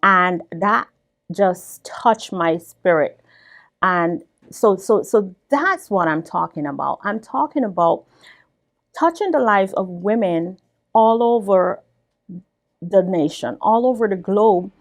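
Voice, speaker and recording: A woman's voice: mid-range voice, expressive, takes it slowly. A woman business owner being interviewed, telling her story emphatically and repeating words as she builds.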